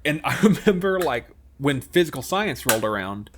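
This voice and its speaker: A man's voice: mid-range voice, big pitch swings, normal speed, noisy background. A man in his twenties, a podcast co-host in casual chat, adding wry asides and then telling his own story.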